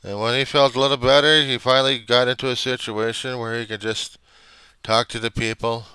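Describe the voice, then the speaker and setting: Indignant older man with a bright, crisp voice. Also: mid-range voice, flat delivery, a little fast, no echo. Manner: rambling, indignant, swears often. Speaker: reverend. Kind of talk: casual rant on camera.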